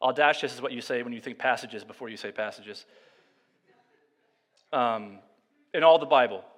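A male pastor preaching a sermon, moving between quiet, slow reflection and loud, emphatic passages. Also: medium pitch, long reverb tail.

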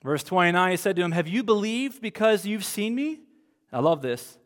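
A man in his thirties preaching a sermon, telling stories expressively and moving between animated bursts and hushed, soft passages. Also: high voice, normal speed. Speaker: pastor. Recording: long hall reverb.

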